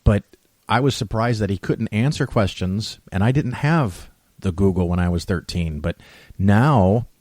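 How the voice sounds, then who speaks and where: A man's voice: on the low side, measured pace, darkish tone, no room sound. A man hosting a casual interview, chatty and joking. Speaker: host.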